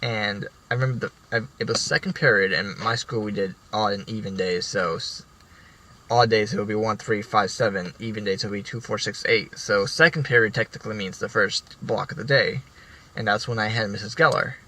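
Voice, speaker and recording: Bright-voiced young man telling stories. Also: on the low side, fairly quick, rough recording. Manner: rambling, profane, many restarts. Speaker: vlogger. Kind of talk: casual storytelling.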